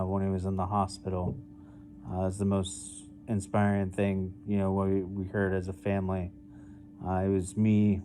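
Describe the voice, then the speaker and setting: A young man doing a halting, deadpan stand-up set over a video call, full of fillers. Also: sits low. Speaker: stand-up comedian.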